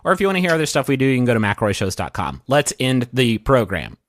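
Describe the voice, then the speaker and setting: A man co-hosting a comedy podcast, firing off quick, wry quips. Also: mid-range voice, very animated, slight background noise. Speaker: podcast co-host. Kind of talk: casual comedy podcast banter.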